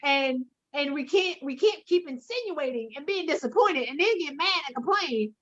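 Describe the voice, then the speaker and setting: A woman career coach talking loudly and emphatically in casual chat, telling stories with slang. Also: sits high, expressive, normal speed, muffled recording. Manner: loud, emphatic storyteller, slips into slang.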